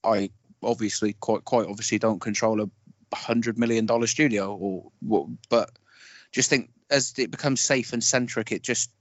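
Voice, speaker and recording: A man's voice: fairly low pitch, fairly even intonation, normal speed, no echo, dull audio. A man co-hosting a casual film podcast, rambling and correcting himself as he works through strong opinions. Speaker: podcast co-host.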